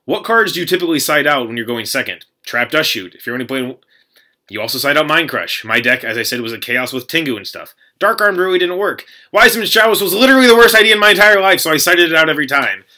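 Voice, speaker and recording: A young man casually telling a rambling story to camera, animated, with lots of fillers and restarts. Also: a little high, quick pace. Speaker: card game player recounting a tournament.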